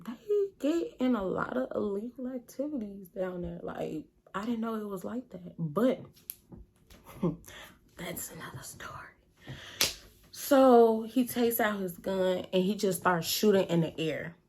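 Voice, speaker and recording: A woman vlogger telling a story in a casual, animated, slangy and profane way. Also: mid-range voice, unhurried, husky.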